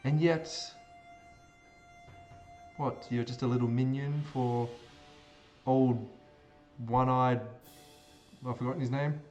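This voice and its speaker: A man's voice: mid-range voice, fairly even intonation, slow pace, pauses often, warm tone, muffled recording, faint music behind. A man with an Australian accent playing in a tabletop game, talking casually and saying "like" a lot. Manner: casual, with lots of likes. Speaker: player. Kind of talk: tabletop role-play.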